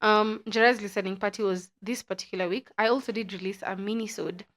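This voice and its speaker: A woman's voice: medium pitch, fairly even intonation, quick pace, fairly bright tone. Playful Kenyan woman podcast host. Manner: playful, chatty. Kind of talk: casual podcast chat.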